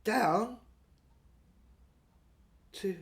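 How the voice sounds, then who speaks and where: A woman reading a first-person audio novel in a dreamy, wandering, halting way. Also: medium pitch. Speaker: narrator.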